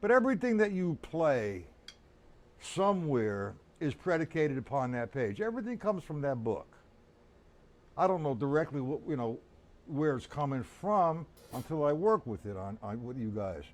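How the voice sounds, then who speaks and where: A man's voice: a little high, big pitch swings, moderate pace, a little mellow. A man teaching a casual drum lesson on a live stream, talking bluntly and calling viewers by name.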